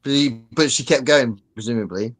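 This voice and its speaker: A man's voice: medium pitch, a little fast, fairly bright tone. A man co-hosting a podcast in casual chat, laughing often and reading chat comments aloud.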